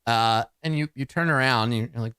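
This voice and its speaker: A man's voice: mid-range voice, fairly quick, pushed and bright, smooth, no room sound, studio quality. A man narrating as game master, rambling with fillers and restarts.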